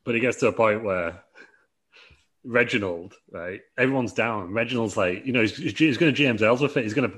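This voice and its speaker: A man's voice: medium pitch, a little fast, a bit bright. A man hosting a casual podcast chat, rambling and laughing through a made-up storyline with many fillers. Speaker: podcast host.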